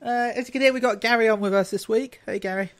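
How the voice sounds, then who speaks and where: A man's voice: very high voice, fairly even intonation, fast talker, no echo. A man hosting a casual podcast chat, rambling and joking loosely. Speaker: podcast host.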